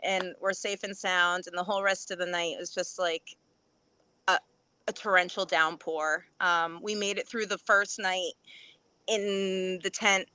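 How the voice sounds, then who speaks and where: A woman's voice: lowish voice, steady tone, unhurried, pushed and bright, clear, resonant tone. A woman chatting casually on a podcast, telling a funny story and acting out quotes with big jumps in her voice and frequent laughs. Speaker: podcast guest.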